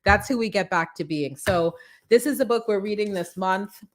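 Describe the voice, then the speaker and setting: A woman hosting a live morning show, giving a preachy, animated motivational talk full of acted-out quotes. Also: medium pitch, moderate pace.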